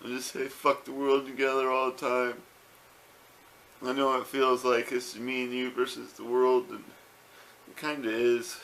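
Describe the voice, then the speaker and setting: A man's voice: mid-range voice, completely flat delivery, measured pace, a bit bright, slight background noise. A man talking casually to a home camera, rambling with fillers and repeated words. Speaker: vlogger. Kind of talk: casual home video talk.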